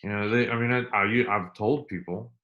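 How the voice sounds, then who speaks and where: A middle-aged man speaks in a low voice. He tells his story with earnest repetition and slows right down when it matters. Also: phone-quality sound. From United States. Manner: earnest, repeats himself, slow and emphatic at emotional points. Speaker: interview guest, army veteran. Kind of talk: candid storytelling interview.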